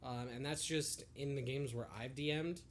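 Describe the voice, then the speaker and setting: A man's voice: medium pitch, normal speed, slight background noise. Casual young man co-hosting a podcast. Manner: relaxed, profane, laughs often. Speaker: podcast co-host. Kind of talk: casual chat.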